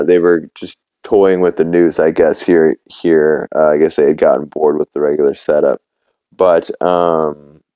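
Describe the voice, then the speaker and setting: Man, young adult, from new orleans, podcast host, casual recap, rambling with fillers, low voice, smooth tone. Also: mellow, no room sound, rough recording. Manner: rambling, many fillers, acts out quotes.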